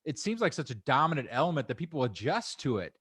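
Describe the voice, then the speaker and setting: A man's voice: on the high side, sing-song, fast, fairly bright tone, breathy edge, no room sound. A man hosting a podcast, musing reflectively in casual conversation. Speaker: podcast host.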